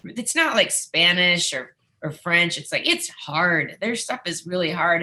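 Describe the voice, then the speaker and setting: A woman with a low, bright-edged voice tells stories from her touring life as a podcast guest. She talks in an animated, chatty way, full of "like" and quick asides. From United States. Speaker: guest, musician and former wrestling interviewer. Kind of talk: casual interview storytelling.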